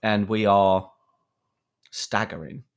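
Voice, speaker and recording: Man, lowish voice, rambling comic anecdote, podcast host. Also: slow, clear, resonant tone. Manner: animated anecdote with many fillers and acted quotes. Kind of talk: storytelling to a co-host.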